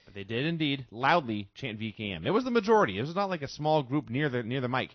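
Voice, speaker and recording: A man's voice: mid-range voice, big pitch swings, quick pace, no room sound. Man, dry short replies, co-host, dead dry muffled recording. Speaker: podcast co-host. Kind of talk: casual review chat. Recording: dry, dull lo-fi audio.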